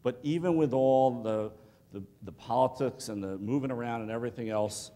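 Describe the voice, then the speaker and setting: A man in his fifties speaking to a student crowd in a large hall, and his voice trails off in a long reverb. He talks at a middle pitch and brings his stories to life by acting out the people in them. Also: normal speed. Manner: animated storytelling with acted-out quotes. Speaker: motivational speaker. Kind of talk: leadership talk to a student audience.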